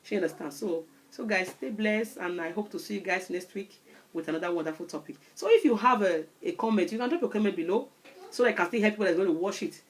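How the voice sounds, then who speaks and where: Woman, 30s, Nigerian Pidgin-tinged English, quick animated advice-giver to camera. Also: medium pitch. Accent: Nigerian Pidgin-influenced English. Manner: animated, repeats "you understand?". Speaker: vlogger.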